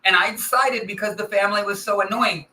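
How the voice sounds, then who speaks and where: A man's voice: high voice, quick pace, sharp tone. A man guesting on a live show, teasing the host and rambling through funny stories. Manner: playful, teasing, rambling storyteller. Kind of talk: joking live-show banter. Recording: roomy echo, distant from mic.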